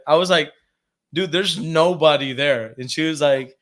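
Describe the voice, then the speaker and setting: A man co-hosting a casual horror podcast, telling ghost stories in an animated way, swearing freely and acting out quotes. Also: a little high, fairly quick. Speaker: podcast co-host. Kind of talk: casual chat, storytelling.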